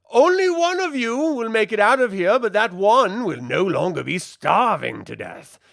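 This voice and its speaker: A man's voice: sits high, very animated, unhurried, vocal fry, a bit bright, no echo, voice pushed up, full character voice. A pompous princess greets a starving crowd in a lifted, grand voice, as a man puts her on. The tone swings widely and sounds dry and close. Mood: mock grand.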